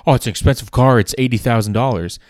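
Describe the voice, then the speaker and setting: A man quoting an irate male driver in a loud, indignant voice, complaining about being blocked. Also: mid-range voice, quick pace, dry recording, clean studio sound, pitched above the performer's own voice, lightly acted.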